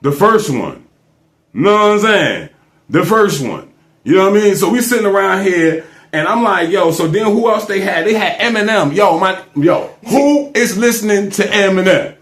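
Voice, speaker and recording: Dude riffing as a guest, jokey, keeps repeating himself, high voice, echoey room. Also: male voice, normal speed. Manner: animated, joking, repeats phrases. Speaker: interview guest. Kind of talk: casual interview chat.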